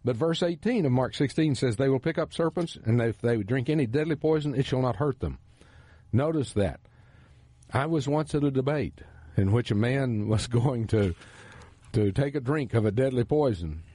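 A man's voice: medium pitch, warm tone, slightly rough, no room sound. A man with a Texan accent, hosting a radio Bible teaching program in an earnest, emphatic preaching manner. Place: radio studio.

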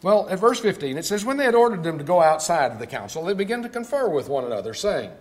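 Older man, Texan accent, preacher, higher voice, unhurried emphatic sermon delivery. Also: sing-song. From Texas. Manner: conversational storytelling preaching, slowing for emphasis.

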